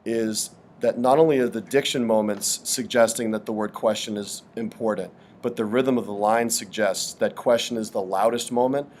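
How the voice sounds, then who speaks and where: A man teaching a literature lesson in a thoughtful, hesitant way, with frequent pauses and fillers. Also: lowish voice, steady tone, a little mellow, a little hiss or hum. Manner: thoughtful, hesitant with many ums. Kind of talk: explanatory lesson.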